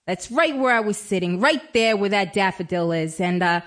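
A woman's voice: fairly low pitch, moderate pace, fairly bright tone. A woman telling a story in a chatty, wry, conversational way. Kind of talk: dramatic storytelling monologue.

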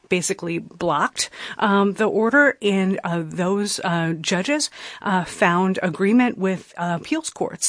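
A woman justice correspondent explaining court proceedings on radio news, pausing often with "uh" and "um". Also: mid-range voice, dry recording, clean studio sound. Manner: halting, many "uh" and "um" pauses.

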